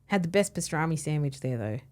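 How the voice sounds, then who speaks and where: An Australian woman chatting casually as a podcast guest, easygoing and quick to laugh. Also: sits low, animated, a little mellow. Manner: easygoing, laughs often, lots of "mm".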